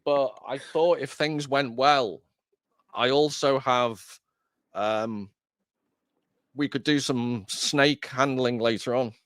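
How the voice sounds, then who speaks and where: A man's voice: medium pitch, steady tone, slow pace, long pauses, a bit bright, dry recording, studio quality. A man hosting a casual discussion, chatty and self-deprecating, often rambling. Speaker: host.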